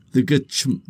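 A man's voice: mid-range voice, mellow, slightly rough. A young man, co-hosting a podcast and telling a laughing, swearing anecdote. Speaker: podcast co-host. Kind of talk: casual chat, storytelling.

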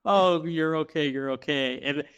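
A man co-hosting a podcast chats in an easygoing way, recounting TV scenes with frequent laughter. His voice sits a little above the usual male pitch. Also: a little slow, smooth. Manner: relaxed, laughs while retelling scenes. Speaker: podcast co-host. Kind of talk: casual chat recapping a TV episode.

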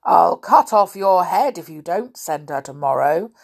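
A woman's voice: fairly low pitch, expressive, a little slow, gravelly, exaggerated voice. A woman voicing a greedy, stern king who gives threatening commands. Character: greedy stern male king, middle-aged.

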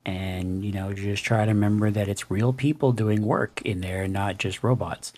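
A man co-hosting a casual gaming podcast, talking in a relaxed, reflective way. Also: lowish voice, normal speed. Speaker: podcast co-host.

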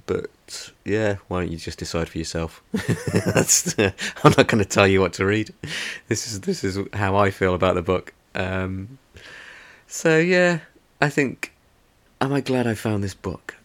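A man's voice: on the low side, animated, a little slow. A man hosting a podcast, giving a casual, rambling book review full of hesitant restarts. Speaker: podcast host.

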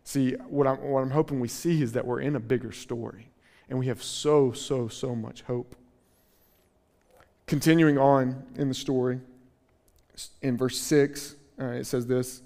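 A man preaching a sermon as pastor, reading scripture slowly and then retelling it in a casual, earnest way. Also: medium pitch, steady tone, creaky, dark tone, in a large hall.

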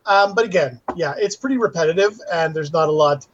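A man co-hosting a podcast in casual chat, chiming in with quick reactions and eager agreement. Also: fairly high pitch. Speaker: podcast co-host. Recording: dull lo-fi mic.

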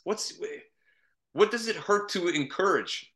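Guest spot: Canadian man, lowish bright voice, loose rambling talk. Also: brisk. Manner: easygoing, rambling, with frequent restarts. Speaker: guest comedian and voice actor. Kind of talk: casual interview chat.

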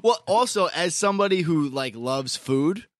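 A man's voice: on the high side, expressive, normal speed, no echo, studio quality. A man co-hosting a casual interview, joking and laughing easily. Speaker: co-host.

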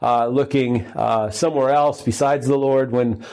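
A man's voice: medium pitch, fairly even intonation, measured pace, darkish tone. A male pastor preaching a sermon in a conversational way, with humorous asides and many fillers.

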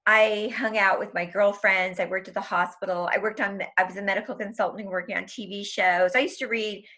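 A woman's voice: mid-range voice, steady tone, fairly quick, bright, forceful tone. A young woman telling an intense personal story in an interview, emotional and tumbling, full of "like" and acted-out quotes. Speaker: guest.

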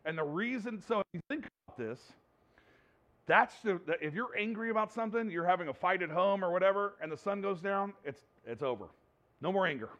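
A man's voice: high voice, expressive, brisk, fairly bright tone. A man preaching a sermon, earnest, often repeating himself and restarting his sentences. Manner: earnest, repeats words and restarts, laughs between points. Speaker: pastor.

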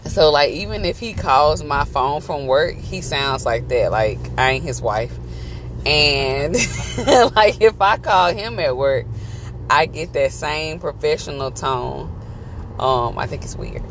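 A woman's voice: low voice, expressive, slow. A woman hosting a casual podcast from inside a car, teasing her husband and talking straight to her listeners. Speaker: podcast host. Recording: noisy car interior.

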